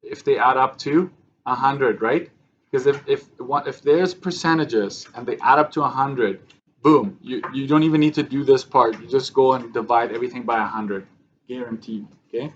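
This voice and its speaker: Male teacher, mid pitch, walks students through steps, slightly dull lo-fi recording with faint background noise. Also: moderate pace. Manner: talks through steps, frequent "right?" checks. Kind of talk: math lesson walkthrough.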